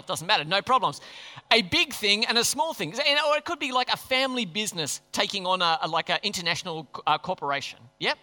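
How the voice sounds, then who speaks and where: A pastor with a high, sharp voice preaches a chatty, jokey sermon, often putting questions to the crowd. Long hall reverb fills the recording.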